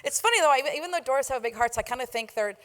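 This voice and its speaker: Quick, gushing woman moderating a panel. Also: high voice, lively intonation, a bit bright. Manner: enthusiastic, gushing. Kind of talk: casual panel chat.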